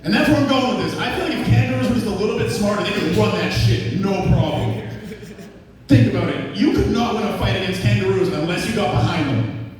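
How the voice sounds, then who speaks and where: A man's voice: high voice, lively intonation, quick pace. A man from Massachusetts with a Massachusetts accent, a stand-up comedian with a crude style who teases the crowd. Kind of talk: stand-up set. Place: comedy club. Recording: echoey club, far-off mic.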